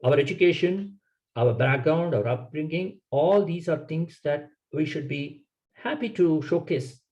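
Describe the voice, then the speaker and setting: A man's voice: on the high side, unhurried, a little mellow, highs cut off. A man giving a public speaking workshop lecture, emphatic and coaching, in short instructive sentences.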